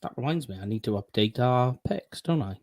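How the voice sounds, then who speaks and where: A man with a Welsh accent co-hosting a casual fan podcast, quick and cheeky as he winds up his friends. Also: medium pitch, expressive, darkish tone. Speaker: podcast co-host.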